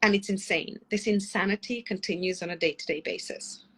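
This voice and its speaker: A woman's voice: medium pitch, breathy edge. A middle-aged woman, a parenting coach, talking passionately and at length in a podcast interview while she has a cold. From former lawyer living in London. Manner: passionate, fast, tangent-prone.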